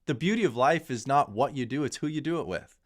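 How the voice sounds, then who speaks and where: A man's voice: mid-range voice, animated, quick pace. A man in his thirties hosting a crypto livestream, talking casually and candidly in a rambling, opinionated way with frequent restarts. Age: 30s.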